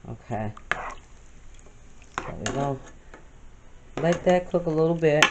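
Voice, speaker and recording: A woman's voice: sits low, expressive, slow pace, long pauses, recorded from a distance. Woman, home cooking vlogger, casual chat to camera, roomy noisy kitchen. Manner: chatty, addresses viewers as y'all, talks while working.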